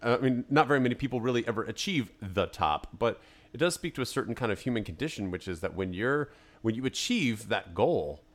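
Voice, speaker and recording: A man's voice: mid-range voice, expressive, a little fast. Opinionated man reviewing a movie. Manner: opinionated, thinking aloud. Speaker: podcast co-host. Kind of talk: casual movie review chat. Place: studio.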